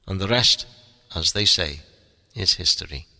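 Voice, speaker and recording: A man's voice: low voice, unhurried, gravelly, dry recording, heavily acted. A man voicing a regretful old astronaut commander. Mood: confessing. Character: old former astronaut commander with a painful back, confessing. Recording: soft music underneath.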